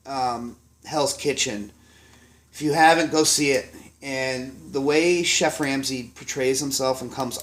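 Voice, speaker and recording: A man in his forties, a chef, telling kitchen stories in a rambling, profane, casual way, full of ums and restarts. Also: mid-range voice. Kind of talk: casual storytelling to camera.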